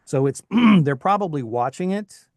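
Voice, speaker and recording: A man's voice: a little high, lively intonation, moderate pace, gravelly, no echo. Middle-aged man, faint Southern accent, dry sound. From Tennessee, US. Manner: chatty, many restarts. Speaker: voice actor, guest. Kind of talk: casual interview talk.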